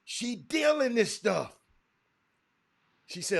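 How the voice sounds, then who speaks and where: Animated high-voiced man talking sports. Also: unhurried. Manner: animated, addresses listeners as y'all. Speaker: sports talk show host. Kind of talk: casual sports talk.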